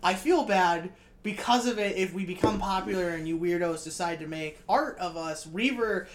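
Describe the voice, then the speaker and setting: A man with a high, girlish-sounding voice co-hosting a casual podcast, rambling, self-deprecating and swearing freely. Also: normal speed, a little hiss or hum. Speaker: podcast co-host.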